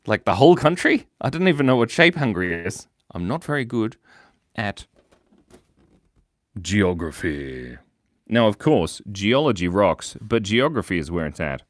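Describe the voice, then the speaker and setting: A man's voice: on the low side, wildly swooping pitch, unhurried, long pauses, a bit bright, no echo. A young man hosting a casual live stream, chatting playfully with viewers as he draws and reads out their comments. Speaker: livestream host drawing for viewers.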